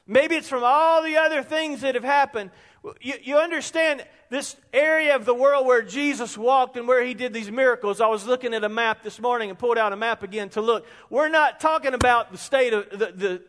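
Preacher, man in his fifties, very high voice, long hall reverb, animated sermon. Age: 50s. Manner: animated preaching, builds to shouts on quotes. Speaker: pastor. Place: church sanctuary.

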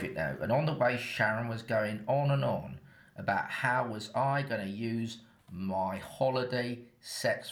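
In an echoey room, a man from England with a lowish, fairly bright voice narrates a scripted first-person tale. His Essex-tinged accent comes through as he keeps things chatty, matter-of-fact, and a little cheeky.

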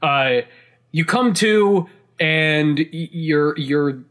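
Excitable rambling man, slightly high voice. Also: extremely slow. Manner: excitable, rambling, many restarts, laughs while talking; casual swearing. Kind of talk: casual chat about a video game.

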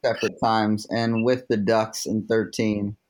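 A man's voice: on the low side, flat delivery, measured pace, darkish tone. A man, a former ballplayer, recalling old teammates in an easygoing, amused way. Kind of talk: casual storytelling chat.

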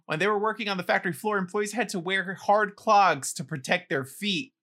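A man's voice: high-pitched, fairly quick, pushed and bright. A man co-hosting a podcast, running a phrase quiz with teasing and frequent laughs. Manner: teasing, laughs often, reads quiz lines aloud. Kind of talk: casual podcast banter.

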